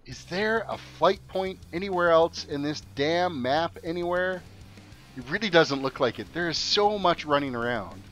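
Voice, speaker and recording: A man's voice: fairly high pitch, fairly bright tone. Chatty man streaming a game. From Canada, Alberta. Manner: joking, chatty, reads viewer chat aloud. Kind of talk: casual gameplay chat. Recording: faint game music behind.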